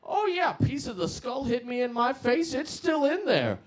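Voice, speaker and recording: A man's voice: very high voice, sing-song, moderate pace, voice pushed up, full character voice. A young man voicing a rambling seventy-something alcoholic telling an offhand war story. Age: 70s.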